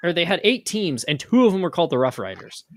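A man's voice: on the high side, big pitch swings, fast, slight background noise. A young man hosting a casual sports podcast, joking around and laughing often. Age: young adult. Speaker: podcast host. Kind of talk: casual chat.

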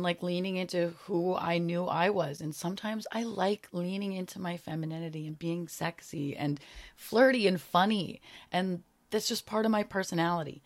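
Young woman podcaster, low voice, earnest and heartfelt, just talking solo about her year. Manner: earnest and heartfelt, a little emotional at times. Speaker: podcast host. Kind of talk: reflective solo podcast talk.

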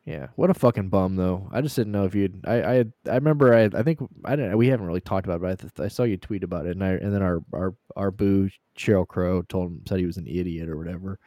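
A man's voice: low voice, quick pace, few pauses, warm tone, no echo, studio quality. A man co-hosting a podcast, trading crude, profane jokes and laughing often. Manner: crude, laughing banter with lots of swearing. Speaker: podcast co-host. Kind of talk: casual profane chat.

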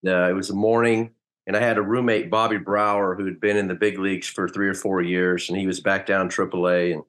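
A middle-aged man, a former pro ballplayer, telling stories as a guest in a relaxed, anecdotal way and acting out quotes. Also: low voice, fairly quick. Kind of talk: casual interview storytelling.

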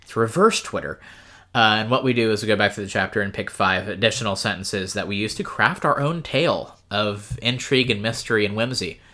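A man's voice: fairly low pitch, a little fast, pushed and bright. A man co-hosting a podcast in casual chat, easygoing, laughing often and hesitating with ums. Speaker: podcast co-host.

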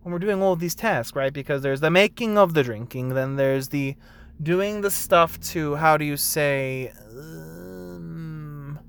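A young man, a barista, rambling casually about work, full of fillers and bits where he acts out customers in a high sing-song voice. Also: unhurried, creaky, a bit bright, clear, resonant tone. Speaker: barista vlogger.

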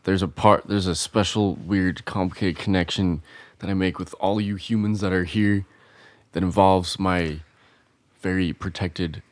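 A man co-hosting a podcast, telling a personal story in a halting, rambling way. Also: sits low, steady tone, no room sound. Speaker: podcast co-host. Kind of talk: casual chat among friends.

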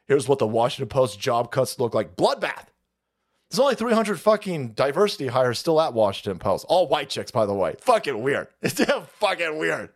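On a live stream, a foul-mouthed man rants his commentary, mocking his targets, laughing often and bursting into shouts. His voice sits high for a man, swinging widely in a sing-song way at a moderate pace.

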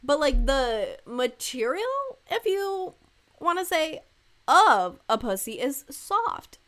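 A woman's voice: sits high, sing-song, slow pace, fairly bright tone. A woman in her twenties hosting a casual solo podcast, candid and rambling with lots of asides, joking irreverently and laughing often. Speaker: podcast host.

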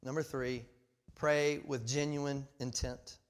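A man in his forties preaching a sermon, passionate and full of restarts, swinging between loud emphasis and quiet asides. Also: medium pitch, little pitch movement, takes it slowly. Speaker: pastor.

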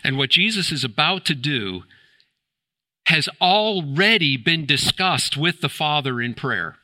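Bright-voiced man preaching a sermon. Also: on the high side, lively intonation, a little slow. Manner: emphatic, rhetorical questions, rising to exclamation. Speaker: pastor. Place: church.

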